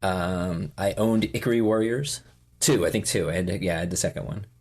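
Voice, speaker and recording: Speaking at a moderate pace in a low-pitched voice, a man in his forties appears as a podcast guest. The talk is a relaxed interview chat in which he rambles, piling on fillers and restarts.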